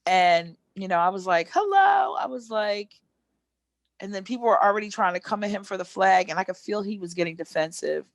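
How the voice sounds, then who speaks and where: A woman's voice: mid-range voice, fairly even intonation, fast talker, hardly any pauses, dry recording. A woman co-hosting a casual podcast, telling stories with animation and acting out the people she quotes. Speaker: podcast co-host.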